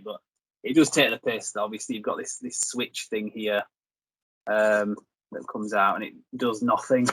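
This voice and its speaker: A man's voice: fairly low pitch, a bit bright, no echo, rough recording. A young man hosting a review video, rambling and joking in casual chat. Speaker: reviewer and host.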